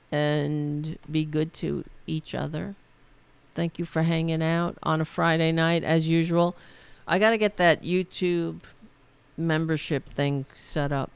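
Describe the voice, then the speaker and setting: A woman hosting her own talk show, chatting loosely as she signs off, her voice worn and going hoarse. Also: low voice, no room sound. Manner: rambling, chatty, trails off and restarts. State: losing her voice. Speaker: podcast host. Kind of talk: casual talk show sign-off.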